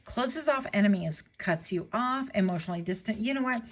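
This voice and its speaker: A woman's voice: mid-range voice, lively intonation, brisk, hardly any pauses. A woman giving a casual pick-a-card tarot reading, chatty and playful, with joking asides to her viewers. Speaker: tarot reader.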